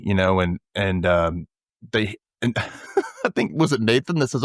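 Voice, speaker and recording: A man hosting a casual recap podcast, telling the plot in an animated way and acting out characters' lines. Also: fairly low pitch, measured pace, no room sound, clean studio sound. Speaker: podcast host.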